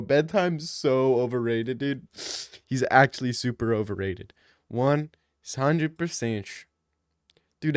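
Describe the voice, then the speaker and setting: A man's voice: mid-range voice, no echo, clean studio sound. A young man ranting jokily in a mocking comedic style, full of slang. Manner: slangy, jokey, slips into mock street talk.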